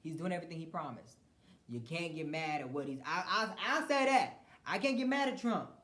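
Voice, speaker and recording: A man's voice: a little high, lively intonation, a little fast, background noise. A man hosting a podcast, giving a blunt, profane political rant with frequent mocking laughs and stumbling restarts. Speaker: podcast host. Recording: roomy echo.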